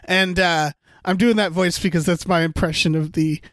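A man's voice: sits high, moderate pace. A man co-hosting a casual movie review chat, rambling and swearing as he gripes. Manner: profane, rambling, animated griping. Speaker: podcast co-host.

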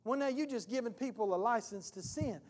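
High-voiced pastor preaching in a hall. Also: male voice, fairly quick. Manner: animated storytelling, acting out scenes. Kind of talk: sermon. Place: church hall. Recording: long reverb of a church hall.

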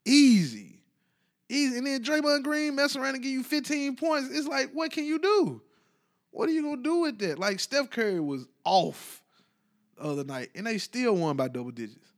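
A man giving casual, animated sports commentary, rambling and colloquial. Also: very high-pitched, normal speed. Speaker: basketball commentator.

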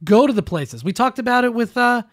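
A man co-hosting a podcast, talking politics in casual, animated bursts and often slipping into quoted asides. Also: extremely high pitch, a little fast, no room sound, clean studio sound. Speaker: podcast co-host.

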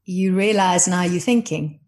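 A woman guest speaking gently and thoughtfully about contemplative prayer, often trailing off softly. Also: on the low side, measured pace. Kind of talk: reflective conversation.

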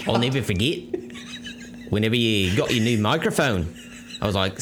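A man's voice: fairly low pitch, expressive, moderate pace, a bit bright, a little hiss or hum. A man co-hosting a podcast in casual, playful chat, joking and slipping into voices. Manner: playful, jokes and slips into voices. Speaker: podcast co-host.

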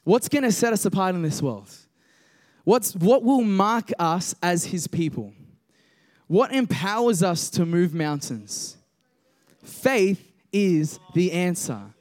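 Casting: young male preacher, high voice, chatty then emphatic, church congregation. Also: expressive. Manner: conversational, jokes with congregation, builds to emphatic slow declarations. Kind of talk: casual sermon with scripture reading.

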